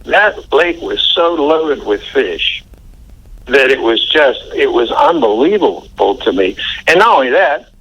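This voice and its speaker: A man's voice: on the high side, very animated, measured pace, gravelly, a bit bright, breathy edge, highs cut off. An older man telling a story in an interview, chatty and folksy, chuckling as he recounts. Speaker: interview guest.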